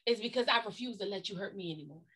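A woman's voice: mid-range voice, very fast, sharp tone, breathy edge. A woman co-pastor giving a preaching-style talk on a livestream, emphatic, folksy and blunt, leaning on repeated catchphrases.

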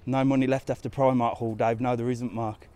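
A travel vlogger with a mid-range, dark-toned voice live-streams a walking tour through the streets and squares of a resort town outdoors. He speaks a little fast with flat delivery, chatting casually and answering comments as he walks.

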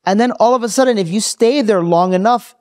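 Podcast host guy, kinda high voice, emphatic, keeps restarting. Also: brisk, a little mellow, no room sound, studio quality. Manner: emphatic, restarts, lots of "like" and "right?". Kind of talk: conversational podcast interview.

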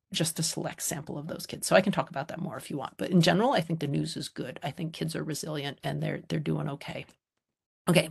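Very gravelly, husky-voiced lecturer. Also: medium pitch. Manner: conversational, reassuring explaining. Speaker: lecturer on child language research. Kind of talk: informal public lecture.

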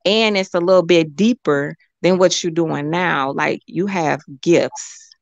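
Animated woman hosting a call-in chat. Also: on the low side, a little slow, gravelly, no room sound, dull audio. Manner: animated, laughing often, rambling. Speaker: show host. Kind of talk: casual chat, call-in show.

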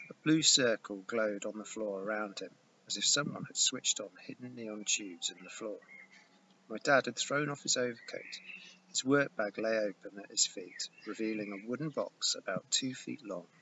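A man reading a first-person novel aloud in a steady storytelling manner. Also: lowish voice, moderate pace. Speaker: audiobook reader. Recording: dull lo-fi with hiss.

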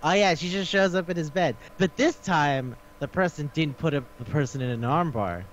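A man's voice: on the high side, normal speed, highs cut off, slight background noise. A man co-hosting a casual podcast chat, rambling and laughing, with lots of swearing. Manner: laughing, profane, rambling retelling. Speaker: podcast co-host.

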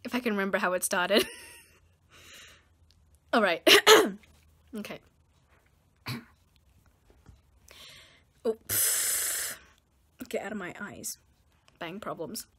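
A woman's voice: mid-range voice, very animated, drawn-out words, long pauses, pushed and bright, slightly rough. A woman vlogger chatting casually to her camera between song covers, self-conscious and laughing at herself.

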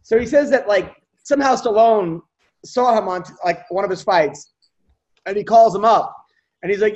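A man hosting a podcast, telling an animated story and putting on quick voices for the people in it. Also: sits high, muffled recording. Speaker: podcast host, comedian. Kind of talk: casual storytelling chat.

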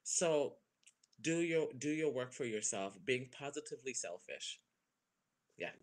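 A young man from the Caribbean talking casually and expressively as a guest, with playful high exclamations. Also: lively intonation, measured pace. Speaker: guest performer. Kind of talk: animated casual talk.

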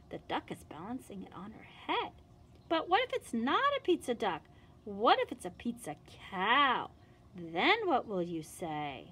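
A woman, a children's librarian, reading a picture book and singing a song to young children in an animated, sing-song manner. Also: on the high side, moderate pace, husky.

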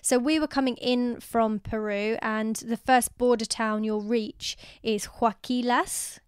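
A woman's voice: a little high, fairly even intonation, unhurried, clean tone, no room sound, studio quality. A young woman co-hosting a travel podcast, chatting enthusiastically and giving advice. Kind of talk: casual chat.

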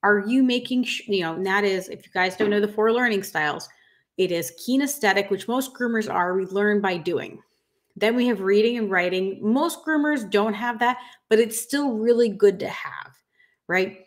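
A woman's voice: mid-range voice, moderate pace. A woman in her thirties, a dog grooming business coach, ranting frankly and emphatically to camera and calling her viewers "guys". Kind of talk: casual rant to camera.

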